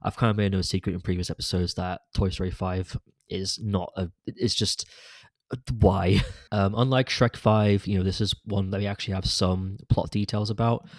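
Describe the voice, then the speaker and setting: Low, flat-voiced male podcast host. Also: a little fast, dry recording. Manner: rambling, many fillers and restarts, candid opinions. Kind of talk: casual solo podcast chat about films.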